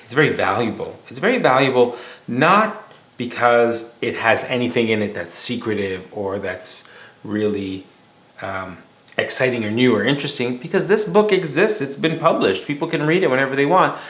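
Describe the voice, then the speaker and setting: A man's voice: medium pitch, expressive, moderate pace, a bit bright. Male teacher telling a story in an echoey room. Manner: casual, explanatory, with fillers and restarts. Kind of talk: storytelling lecture. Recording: echoey room with faint hum.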